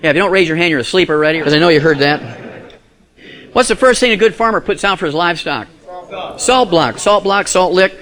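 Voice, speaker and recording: A man's voice: high voice, expressive, a little fast, fairly bright tone. A man giving a live health lecture to an audience, folksy and emphatic, full of rhetorical questions.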